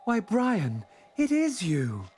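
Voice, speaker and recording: A man voicing a gentle, lonely male hedgehog who talks in a polite, old-fashioned way. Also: high-pitched, wildly swooping pitch, slow, slight background noise, voice pushed up, heavily acted. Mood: gladdened.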